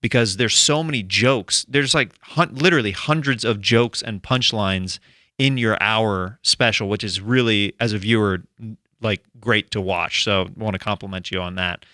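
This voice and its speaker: A man's voice: fairly low pitch, moderate pace, sharp tone, no echo, studio quality. A man hosting a casual comedy podcast, talking in an enthusiastic, rambling way with many restarts. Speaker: podcast host. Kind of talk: casual chat.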